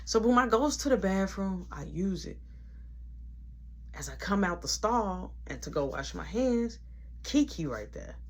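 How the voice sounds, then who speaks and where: A man telling a casual storytime story, animated and conversational, with frequent asides. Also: sits high, measured pace.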